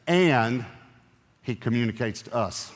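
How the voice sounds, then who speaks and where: A man's voice: medium pitch, animated, unhurried. A male pastor preaching a sermon with emphatic repetition and touches of humor, in a large church auditorium. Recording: long reverb in a large hall.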